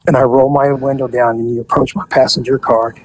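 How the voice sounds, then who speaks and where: A man hosting a podcast, telling stories in a casual, animated way, chuckling and restarting phrases. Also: mid-range voice, brisk, poor audio. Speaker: podcast host, storyteller. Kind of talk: casual storytelling chat.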